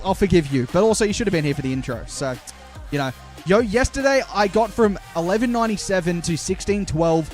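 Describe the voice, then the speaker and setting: A young man talks to his viewers on a live stream, playful and chatty. His voice sits high. Faint music plays underneath him. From Australia. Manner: chatty, playful, addresses chat directly. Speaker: streamer and caster.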